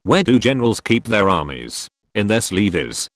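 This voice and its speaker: Low, lively male joke narrator. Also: measured pace, a little hiss or hum. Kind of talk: scripted joke reading.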